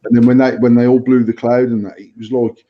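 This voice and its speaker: Speaking fast and flat in a mid-range voice, a man co-hosting a casual podcast meanders along, cussing and circling back to repeat himself. The audio is dull and lo-fi.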